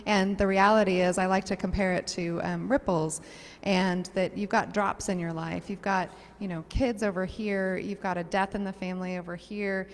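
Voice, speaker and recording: A woman's voice: mid-range voice, level tone, moderate pace, long reverb tail. A woman on a discussion panel who explains her ideas thoughtfully, building on images and comparisons.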